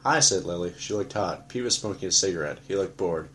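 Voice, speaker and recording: A man narrating an audiobook in a flat, matter-of-fact first-person telling. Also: low-pitched, a little fast.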